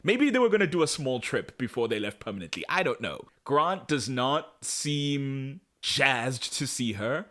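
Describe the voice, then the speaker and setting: A man co-hosting a podcast, recapping a TV episode in casual chat and acting out the characters' lines in quick voices. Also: mid-range voice, animated, sharp tone. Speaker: podcast co-host.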